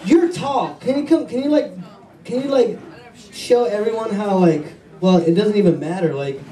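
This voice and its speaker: Excitable high-voiced man doing stand-up. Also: normal speed. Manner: excitable, self-mocking, banters with the crowd. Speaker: stand-up comedian. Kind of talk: stand-up comedy set. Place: comedy club stage with audience. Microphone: wireless handheld mic. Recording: echoey club, mic far off, crowd noise.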